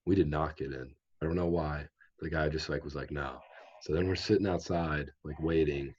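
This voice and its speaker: Very deep, husky young man. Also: fairly even intonation, a little fast, a little mellow, muffled recording. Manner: rambling, laid-back storytelling with many fillers. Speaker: podcast guest. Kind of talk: casual storytelling chat.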